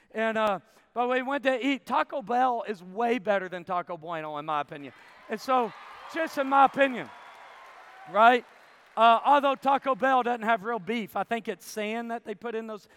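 A man in his forties from Arkansas preaching a sermon, telling a story with animated bursts of shouting and then dropping to a quiet, intense tone. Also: very high voice, normal speed, slight background noise. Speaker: camp preacher. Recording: long hall reverb.

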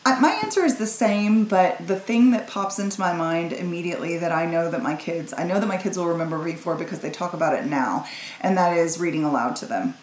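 Woman guest, low-pitched, lively talker; echoey room with faint noise. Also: brisk. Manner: lively, laughs easily, talks in long runs. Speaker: guest parent. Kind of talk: casual conversation.

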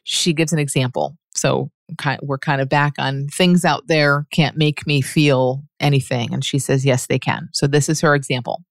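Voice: mid-range voice, fairly even intonation, moderate pace, vocal fry, few pauses, no echo, clean studio sound. A speaker answering a listener's question in a reflective teaching monologue, patient and earnest, reasoning aloud and often restarting sentences. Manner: laughs softly mid-sentence.

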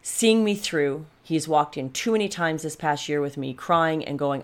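Fifties woman, low register, candid reflective vlog coach, direct and emphatic. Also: normal speed. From Canada. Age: 50s. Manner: frank, emphatic, reflective, addresses viewers directly. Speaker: life coach and vlogger. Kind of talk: candid personal monologue to camera.

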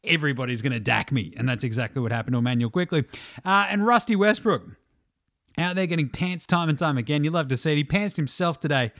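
A man's voice: a little high, fast, no room sound, studio quality. Sweary Australian man ranting about basketball. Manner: sweary, mocking, animated. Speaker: podcast host. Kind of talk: casual sports chat.

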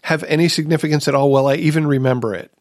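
A man's voice: a little high, fairly even intonation, fast talker, a little mellow, no room sound, studio quality. A man hosting a recovery podcast in casual chat, telling a personal story earnestly and asking rhetorical questions. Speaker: podcast host.

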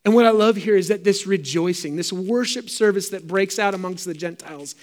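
Delivering a sermon, this middle-aged pastor repeats himself with fervor and emphasis. He speaks briskly, and his voice pitches notably high for a man despite a darkish tone.

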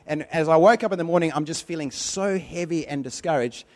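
A man's voice: a little high, a little fast, darkish tone. A man preaching a sermon in a conversational, repetitive way, telling personal stories with animation.

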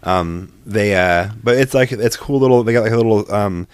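A man's voice: lowish voice, normal speed, clear, resonant tone, dry recording. A man co-hosting a casual chat show, telling rambling family stories, laughing often and swearing casually. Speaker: podcast co-host.

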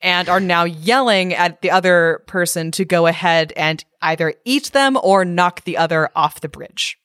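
In a studio-quality recording with no echo, a podcast co-host with a lowish, slightly bright voice reads a storybook parody aloud at normal speed. It's a casual chat, and she reads with wry amusement and frequent laughter.

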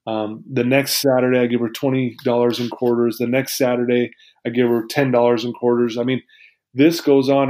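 A man's voice: medium pitch, darkish tone. A man as an interview guest, telling a personal story in an earnest, heartfelt, reflective way.

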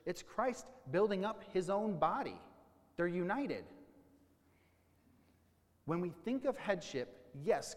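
A man preaching a sermon as a pastor, teaching with questions and slowing down to stress key points. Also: a little high, big-room sound. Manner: teaching, with questions and slowed emphasis.

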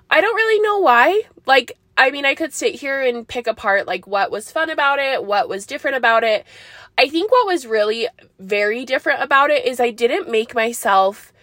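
Young woman rambling on her podcast, bubbly and giggly, kinda high voice, dry close mic. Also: sharp tone, no echo. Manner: rambling, bubbly, laughs often, many likes and ums. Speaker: podcast host. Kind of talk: casual solo podcast chat.

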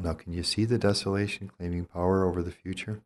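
An older man, a priest, teaching in a reflective and gentle way, measured and thoughtful with frequent pauses. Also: low-pitched, little pitch movement.

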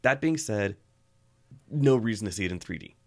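A man's voice: on the low side, expressive, moderate pace, a little mellow. A man co-hosting a film review podcast in casual chat, sarcastic and laughing often.

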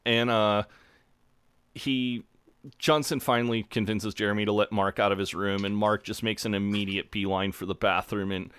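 A man's voice: on the low side, level tone, moderate pace, a bit bright, clear, resonant tone. A young man co-hosting a podcast, recapping a TV episode in a sweary, chatty way. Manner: sweary, chatty, retells scenes with relish. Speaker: podcast co-host. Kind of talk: casual recap chat.

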